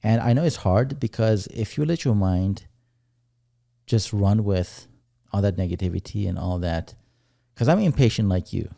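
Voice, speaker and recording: Gravelly low-voiced man, reflective. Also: animated, mellow, no echo, clean studio sound. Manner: reflective, unhurried. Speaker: podcast co-host. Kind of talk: casual chat.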